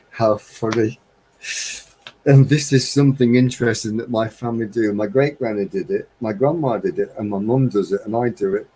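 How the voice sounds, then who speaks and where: A man's voice: fairly low pitch, a little fast, few pauses, mellow, slight background noise, low-quality recording. A man hosting a casual live-stream chat from a home setup, talking in a rambling, chatty way and chuckling often. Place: home studio with green screen.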